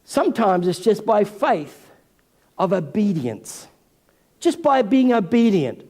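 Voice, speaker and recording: A man, senior pastor, preaching a sermon in an animated way and acting out the voices of figures from scripture. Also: high voice, takes it slowly. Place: church hall. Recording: long hall reverb.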